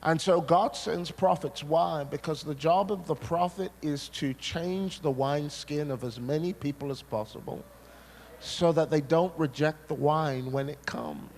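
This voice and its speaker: A man from Scotland preaching a sermon, an animated storyteller who hammers points through repetition and tosses jokey asides to the crowd. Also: on the high side, a little slow. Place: large hall at a church seminar. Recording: echoey hall, faint noise.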